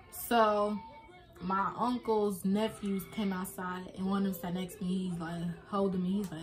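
A woman's voice: mid-range voice, little pitch movement, normal speed, soft background music. Young woman telling a sad story, casual. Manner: casual, emotional retelling with many fillers. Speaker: vlogger. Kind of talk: personal storytime.

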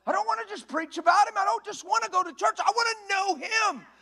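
In a church, a male preacher with a strikingly high voice delivers a sermon at a quick pace. His tone is bright and forceful, and his folksy, emphatic delivery swells into shouts.

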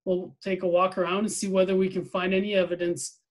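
A man's voice: high-pitched, flat delivery, a little fast, natural voice, rough recording. Bruno, an earnest young boy, read by a man. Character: curious, well-meaning young boy. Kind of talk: reading a novel aloud.

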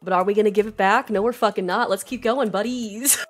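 A woman streaming a video game, giving casual, excitable commentary with a lot of swearing and laughter. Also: medium pitch, fairly quick, faint music behind.

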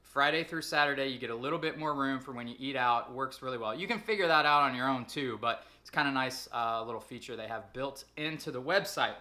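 A fitness trainer speaking in a casual vlog, upbeat and chatty, running through products and numbers with frequent ums. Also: male voice, mid-range voice, fast, few pauses, sharp tone.

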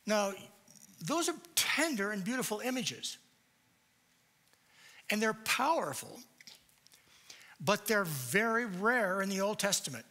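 A man giving a church lecture, deliberate and emphatic, posing rhetorical questions to his audience. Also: sits high, lively intonation, pushed and bright.

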